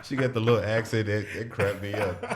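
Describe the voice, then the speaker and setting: A man from Nigeria with a very low voice hosts a relaxed podcast chat. He talks bluntly, swears freely and keeps checking in with "you know what I'm saying?" He sounds like a young adult speaking his mind. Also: fairly quick, a crowd in the background. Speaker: podcast host. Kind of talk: casual podcast conversation.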